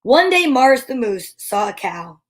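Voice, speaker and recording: A woman's voice: high-pitched, moderate pace. A woman hosting storytime, reading a children's book aloud expressively. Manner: expressive, animated. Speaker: storytime host.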